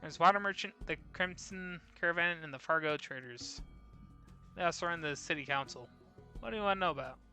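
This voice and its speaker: A man's voice: a little high, a little fast, bright, forceful tone, soft background music. A man reading aloud the lines of a chatty, rambling woman who runs a gun shop, apologizing as she over-shares. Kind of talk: reading game dialogue aloud.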